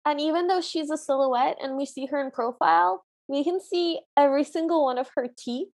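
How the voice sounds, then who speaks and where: A woman's voice: high voice, fairly quick, darkish tone. A woman co-hosting a podcast, chatting and describing scenes from an old cartoon. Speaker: podcast co-host. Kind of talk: casual chat reviewing a cartoon.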